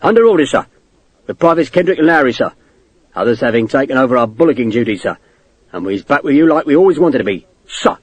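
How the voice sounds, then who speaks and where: Guy doing a greasy servile army sergeant, rough grammar, husky edge, big swings in tone. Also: medium pitch, animated, fast talker, no room sound. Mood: fervent. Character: fawning scheming male army sergeant.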